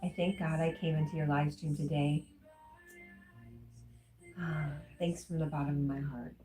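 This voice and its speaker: A woman with a low, fairly even, unhurried voice hosts a casual livestream with faint music in the background. Reading viewer comments aloud, she answers them warmly and becomes emotional.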